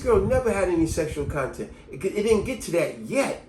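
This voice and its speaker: Casting: male vlogger, lively storyteller with a bouncy, expressive pitch, recorded in a roomy space. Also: a little fast, a little hiss or hum. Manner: animated storyteller, lively delivery. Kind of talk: casual storytelling monologue. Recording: echoey room.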